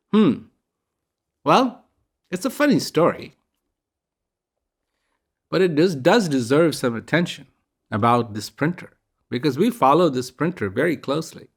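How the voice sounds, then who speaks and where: A man giving a casual, reflective spiritual talk, telling a parable in a gentle storytelling manner. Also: medium pitch. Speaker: speaker giving a reflective message.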